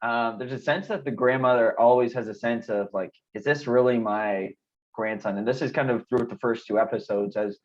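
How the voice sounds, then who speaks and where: A man casually discussing a TV episode as co-host, relaxed with chuckling asides. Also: mid-range voice, fairly quick, hardly any pauses. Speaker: podcast co-host. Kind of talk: casual TV recap chat. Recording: dull lo-fi sound.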